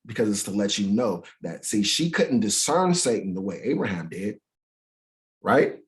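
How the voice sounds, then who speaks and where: A man leading an informal Bible study, reading scripture aloud slowly and checking in with listeners, sometimes searching for words. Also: lowish voice, sing-song. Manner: conversational, asks listeners "right?", reads scripture aloud slowly and dramatically; searches for words, restarts sentences.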